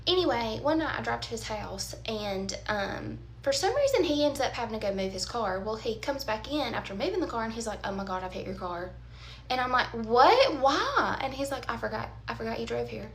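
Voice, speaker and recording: A woman, telling a storytime tale casually, with animated, dramatic emphasis and quoted asides. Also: on the high side, fairly quick, slight background noise. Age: 30s.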